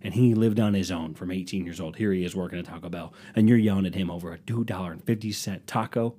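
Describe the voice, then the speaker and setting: Talking fast in a deep, dark voice, a young podcast host goes on a sarcastic solo rant about rude customers, mocking them with put-on voices for comic effect.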